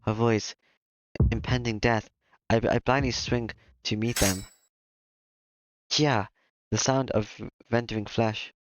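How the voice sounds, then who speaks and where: A man reading a visual novel aloud in steady first-person narration, over game music. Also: mid-range voice, slow, pauses often, background noise. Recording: slightly dull lo-fi mic, game music behind.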